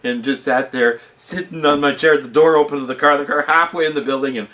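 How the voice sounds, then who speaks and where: A man's voice: on the high side, fairly quick. A man vlogging, telling a rambling personal anecdote in a casual, self-mocking way and often chuckling at himself. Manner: animated, rambling storyteller who laughs at himself.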